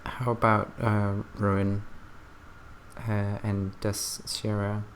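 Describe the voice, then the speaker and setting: Female player, halting delivery, noisy call audio. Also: very deep voice, little pitch movement. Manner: hesitant, many ums. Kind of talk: casual chat over voice call.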